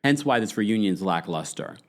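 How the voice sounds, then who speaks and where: Male podcast host, casual gossip recap, very lively pitch, playful and chatty. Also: normal speed. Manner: animated, quotes people in shifting voices, chatty slang.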